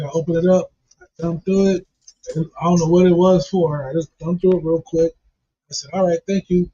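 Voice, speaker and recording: Husky man telling a funny story. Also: fairly high pitch, mellow. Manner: profane, laughing while telling the story. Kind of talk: casual comedic storytelling. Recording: dull lo-fi recording.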